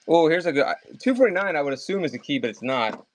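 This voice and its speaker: This livestream seller, a Maryland man auctioning comics, talks casually and at length while calling bids at speed. He has a fairly high, very animated voice.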